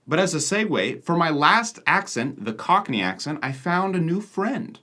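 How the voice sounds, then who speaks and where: A man's voice: fairly high pitch, sing-song, normal speed, pushed and bright. A man hosting a travel vlog, narrating in a candid, jokey way and swearing casually. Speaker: travel vlogger and host.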